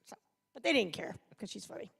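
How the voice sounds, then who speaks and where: A woman's voice: mid-range voice, big pitch swings, quick pace, gravelly, fairly bright tone, husky. A woman voice actor telling rambling anecdotes at a live panel interview in a large convention auditorium. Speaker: voice actor guest. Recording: live hall sound, long reverb.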